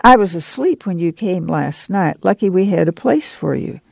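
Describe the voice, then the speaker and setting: Friendly, plainspoken camp manager, voiced by a man, storybook reading, dark and dry close sound. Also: sits high, normal speed, vocal fry, no echo. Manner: easygoing, plainspoken folksy talk.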